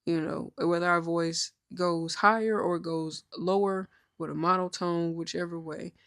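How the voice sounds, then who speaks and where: A woman of thirty co-hosting a podcast, telling stories in an outspoken, mostly even-toned casual chat. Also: on the low side, unhurried. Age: 30s. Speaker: podcast co-host.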